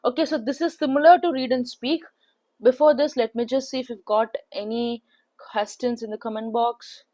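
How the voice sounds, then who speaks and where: A woman's voice: on the high side, fairly even intonation, moderate pace, warm tone. A young woman with an Indian accent talking through test practice in a casual, filler-heavy way, often checking in with "okay". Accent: Indian English. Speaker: placement test tutor. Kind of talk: casual spoken tutorial.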